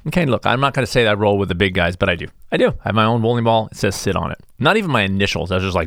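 Low-voiced rambling comic host. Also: male voice, lively intonation, racing, creaky, hardly any pauses, fairly bright tone, no room sound, studio quality. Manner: rambling, self-deprecating, stop-start. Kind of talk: casual comedic monologue.

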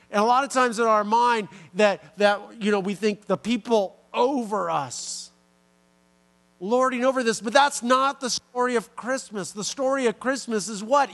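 A man's voice: very high voice, a little slow, vocal fry, a bit bright. A man preaching a sermon in a conversational way, with frequent restarts and playful asides. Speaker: pastor.

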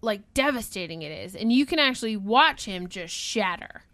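A woman's voice: medium pitch, normal speed, dry recording. A woman co-hosting a casual movie discussion podcast, talking with enthusiasm. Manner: enthusiastic, animated. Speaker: podcast co-host.

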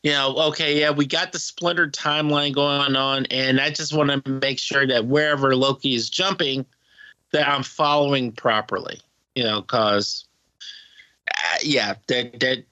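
Man, slow speech, bright voice, halting casual chat. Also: mid-range voice, steady tone, no room sound, muffled recording. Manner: hesitant, halting, laughs often. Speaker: podcast co-host.

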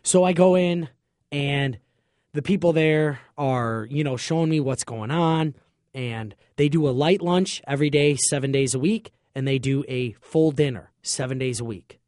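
A man's voice: fairly high pitch, normal speed, a little mellow, no room sound, clean studio sound. A man chatting casually, telling a long story with jokes and cleaned-up slang. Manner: chatty, joking, self-censoring slang.

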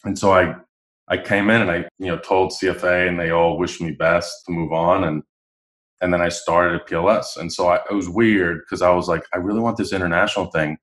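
A man's voice: low-pitched, a little fast. A man, a podcast guest, telling stories in a casual interview and acting out the lines of people he quotes. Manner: animated, acts out quoted dialogue. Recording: roomy echo.

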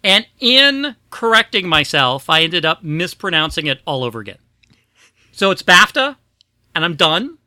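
A man hosts a casual podcast, chatty and self-deprecating, stumbling through fillers. His voice sits high and rings very bright. The sound is close and dry. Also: sing-song, normal speed, no echo. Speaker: podcast host.

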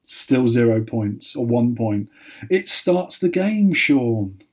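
A man hosting a playful quiz, teasing and deadpan. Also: mid-range voice, takes it slowly. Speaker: podcast co-host, quizmaster.

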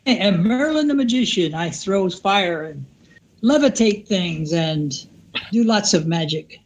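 A woman's voice: medium pitch, lively intonation, measured pace, a little mellow, slight background noise. A woman playing a tabletop game, eager and chatty in casual talk. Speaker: player. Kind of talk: casual chat.

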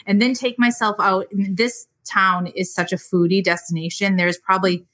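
Woman podcast host, enthusiastic casual talker, bright tone. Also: mid-range voice, fairly even intonation, normal speed. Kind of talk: casual chat.

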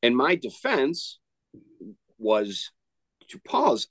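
A man's voice: medium pitch, big pitch swings, normal speed, no echo. A man co-hosting a podcast, telling a rambling story in casual chat with frequent restarts. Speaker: podcast co-host.

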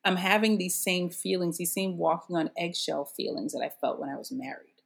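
Middle-aged new woman, lowish voice, animated storyteller, laughs a lot. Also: brisk, vocal fry, slightly rough. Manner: animated, laughs often, acts out quoted voices. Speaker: interview guest. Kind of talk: casual conversational storytelling.

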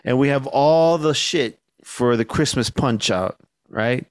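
A young man on a podcast telling a story in casual chat, laid-back and swearing a lot, acting out the shouted lines he quotes. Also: mid-range voice, measured pace, dry recording, clean studio sound. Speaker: podcast co-host.

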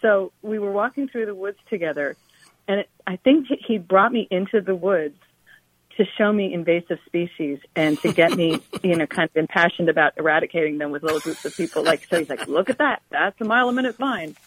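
Breathy chatty woman musician guest. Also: lowish voice, a little fast, no room sound, low-quality recording. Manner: rambling, chatty, laughs often. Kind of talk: casual interview conversation.

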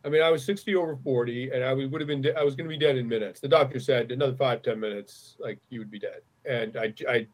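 A man's voice: mid-range voice, steady tone, fast talker, hardly any pauses. A middle-aged man telling a personal story in conversation, earnest and often restarting his sentences. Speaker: guest.

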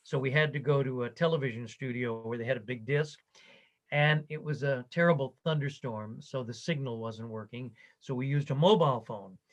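Older man telling a lively story. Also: medium pitch, moderate pace, highs cut off. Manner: animated anecdotal telling, quoting others. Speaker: interviewee. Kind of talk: storytelling in conversation.

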